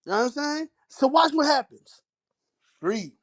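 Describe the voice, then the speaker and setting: Man, African American Vernacular English accent, high-pitched, blunt and commanding street-preaching teacher. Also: expressive, moderate pace, fairly bright tone. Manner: blunt, commanding, interjecting often. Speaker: teacher leading a scripture reading.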